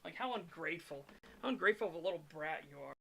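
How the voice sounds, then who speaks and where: A man co-hosting a casual podcast chat, animated and swearing, reading chat messages aloud. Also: on the high side, fast, vocal fry. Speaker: podcast co-host reading super chats.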